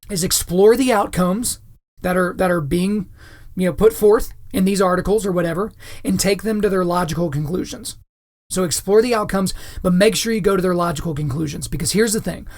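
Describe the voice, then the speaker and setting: Hosting his podcast, a man lectures his audience with strong opinions, often tacking on "right?" or "okay?" to check they're following. His voice sits high and sounds creaky.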